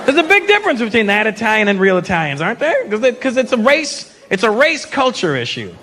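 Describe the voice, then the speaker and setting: Fast-talking and high-voiced, this Canadian comedian does profane, animated stand-up, acting out characters as the audience laughs behind him. It's captured on a live stage microphone with crowd noise.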